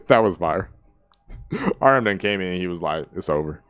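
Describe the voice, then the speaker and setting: An excitable man talks through his reaction to a song in casual, slangy speech and keeps acting out what he heard. His voice sits very low. The sound is dry and close, with no room echo. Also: unhurried, clean tone. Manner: excitable, laughs often, slangy, acts out quotes. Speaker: music reaction host.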